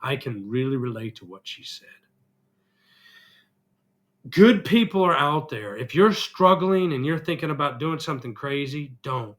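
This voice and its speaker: A man's voice: mid-range voice, a bit bright, husky. A middle-aged man vlogging an earnest, emotional personal reflection, still getting over an illness. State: recovering from illness, congested.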